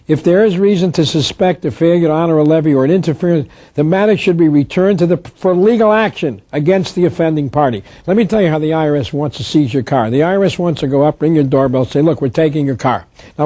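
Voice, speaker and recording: Male lecturer, argumentative and emphatic, mellow tone, dry close recording. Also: on the high side, no echo. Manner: emphatic, argumentative, rises sharply when acting out confrontations. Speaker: speaker on tax law. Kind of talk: forceful lecture, reading statutes aloud.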